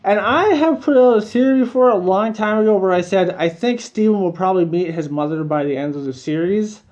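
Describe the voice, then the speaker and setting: A man's voice: sits high, expressive, fairly quick, a little mellow. A man giving a casual, rambling video review of a cartoon episode, repeating himself and chuckling between points.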